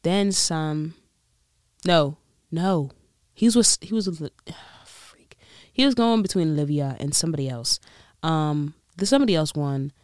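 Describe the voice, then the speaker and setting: A woman's voice: deep voice, measured pace, long pauses, a little mellow, no echo, studio quality. A woman chatting casually in a solo vlog, rambling, restarting and laughing as she goes. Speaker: vlogger.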